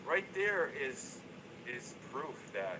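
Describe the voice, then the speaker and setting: A man's voice: medium pitch, very animated, takes it slowly. Blunt, cursing man on a noisy stream. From New Jersey. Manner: blunt, profane, repetitive. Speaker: YouTuber. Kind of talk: livestream rant to viewers.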